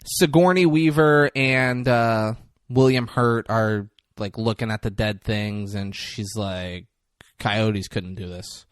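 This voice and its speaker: A man's voice: mid-range voice, slow pace, clear, resonant tone, dry recording, studio quality. A man co-hosting a podcast, chatting casually and retelling a film scene by scene, swearing now and then and acting out the lines he quotes. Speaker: podcast co-host.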